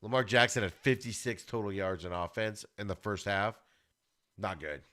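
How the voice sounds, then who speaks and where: A man hosting a podcast, giving an animated, ranting football recap with plenty of exclamations. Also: lowish voice, moderate pace. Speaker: podcast host.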